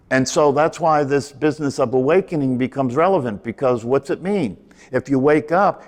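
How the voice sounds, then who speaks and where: A man's voice: fairly high pitch, darkish tone. A man teaching a meditation class, talking things through in a repetitive, emphatic way and often putting questions to his listeners. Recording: long hall reverb.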